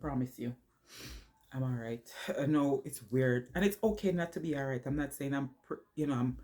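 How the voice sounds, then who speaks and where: Low-voiced tearful woman vlogger. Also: warm tone. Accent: New York. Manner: halting, emotional, many pauses and fillers. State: tearful, crying. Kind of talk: personal vlog confession.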